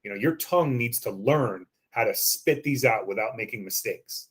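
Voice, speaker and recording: A man's voice: lowish voice, animated, moderate pace, husky. A man giving a training lesson on phone sales scripts, coaching listeners and acting out the script lines.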